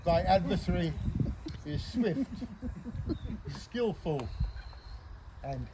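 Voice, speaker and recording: A man's voice: sits high, expressive, exaggerated voice. A man playing a boisterous scheming knight. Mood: ominous. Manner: relishing, drawn-out delivery with bursts of loud declaiming. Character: boisterous scheming middle-aged knight, male, jovial prankster. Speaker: amateur stage actor. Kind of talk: open-air amateur Shakespeare stage acting. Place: open-air stage under the stars. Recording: outdoor stage with background noise.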